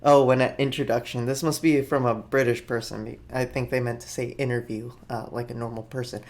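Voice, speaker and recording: A male podcast host who reads out headlines and riffs on each one with offhand jokes. His delivery is loose and rambling, and his voice sits in an ordinary middle pitch. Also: fairly even intonation, brisk. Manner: jokey, rambling, offhand asides. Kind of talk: casual comedic news commentary.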